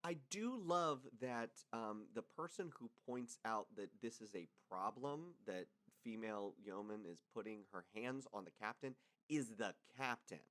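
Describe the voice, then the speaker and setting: A man co-hosting a podcast in casual chat, making teasing deadpan jokes. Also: lowish voice, measured pace, hardly any pauses. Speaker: podcast co-host.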